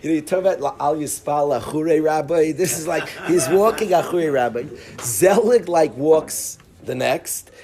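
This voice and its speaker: A middle-aged man, a rabbi, telling a personal story to his class in a lively way, with asides, restarts and chuckles. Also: fairly high pitch, moderate pace, a crowd in the background. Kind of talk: animated storytelling to students.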